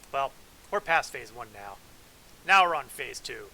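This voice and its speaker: Man hosting a game stream, bright and tense voice, wry asides, faint hiss under it. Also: on the high side, expressive, fairly quick, poor audio. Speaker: gameplay streamer. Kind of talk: casual game commentary, reading lore aloud.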